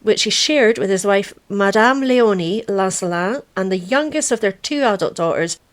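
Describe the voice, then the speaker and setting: A woman's voice: mid-range voice, animated, moderate pace. A chatty woman from Britain hosts a true crime podcast. She reads the case in an easy, casual way and often drops into jokes and laughter with her co-host.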